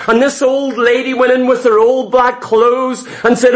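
A man's voice: extremely high pitch, flat delivery, normal speed, hardly any pauses. A man preaching a sermon, retelling a Bible story with impassioned, dramatic delivery.

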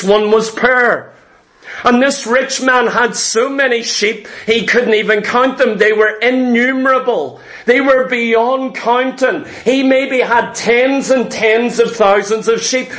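A man preaching a sermon, retelling a Bible story slowly and dramatically and acting out the speakers' words. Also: very high voice, fairly bright tone. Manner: acts out biblical figures' speech.

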